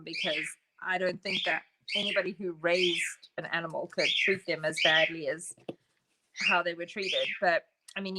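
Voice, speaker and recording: A woman chatting casually while painting a craft project, talkative and quick to laugh. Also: on the low side, very noisy. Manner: chatty, laughs often, talks to her pet birds. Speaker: craft stream co-host.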